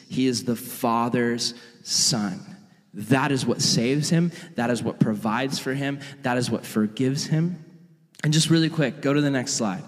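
A young man preaching a storytelling sermon as a youth pastor, animated and casual with frequent laughs. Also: mid-range voice. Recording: long hall reverb.

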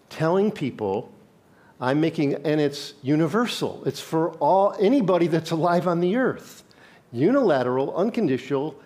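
A male pastor preaches conversationally, reading from scripture and posing questions to his congregation. His voice leans high and has a slightly mellow quality.

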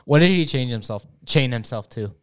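A man co-hosting a casual comedic chat, asking questions and thinking out loud. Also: medium pitch, lively intonation, moderate pace, smooth. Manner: curious, asks questions, muses aloud. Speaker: podcast co-host.

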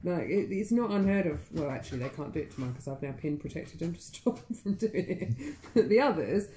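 A woman's voice: deep voice, expressive, a little fast, dark tone, slight background noise. Chatty woman, roomy sound. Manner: chatty, laughs often, swears freely. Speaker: podcast co-host. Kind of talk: casual chat. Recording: echoey room.

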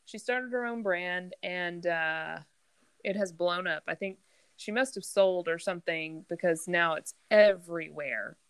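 On a dry, clean recording, a woman with a lowish voice speaks at a measured pace. She's co-hosting a podcast at home near the kitchen, chatting eagerly and telling a story loaded with filler words.

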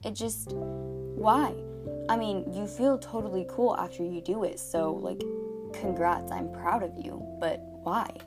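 A woman's voice: mid-range voice, unhurried. Teen girl rambling about weird habits, lots of likes, guitar music playing under her. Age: teens. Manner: chatty, exaggerated, lots of "like". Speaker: podcast host. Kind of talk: casual comedic monologue.

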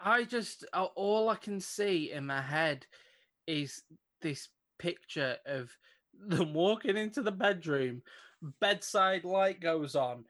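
A man's voice: sits high, lively intonation, slow, fairly bright tone. A male podcast co-host reading out a news story in casual chat, amused and laughing between lines.

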